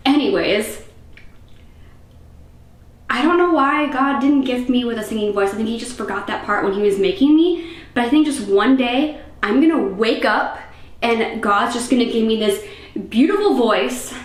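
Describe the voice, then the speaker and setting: A young fitness vlogger chats casually and rambles, filling her talk with "like" and "um." Her somewhat high voice is expressive and moderately paced, picked up by a camera microphone along with the roomy echo of a bare room at home.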